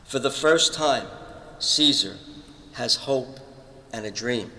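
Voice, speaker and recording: A man's voice: medium pitch, animated, takes it slowly, bright, forceful tone. A man giving an earnest spoken testimony, telling stories from his own life and acting out the other people's lines. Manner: earnest, retells conversations with acted-out quotes. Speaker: panel speaker giving a testimony. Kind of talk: storytelling testimony talk. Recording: echoey hall with long reverb.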